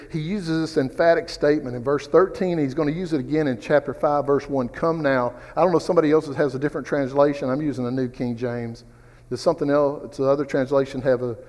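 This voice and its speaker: A man teaches a Bible study in a relaxed, rambling way, drifting into personal stories and asides. His voice sits at an ordinary pitch. A long reverb trails after his words in the church classroom.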